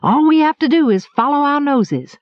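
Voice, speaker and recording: Playing a cheeky apprentice lad, a woman uses a high, wheedling voice full of hungry eagerness that swings lively up and down at normal speed. The recording is lo-fi and dull, heard dry and close without echo.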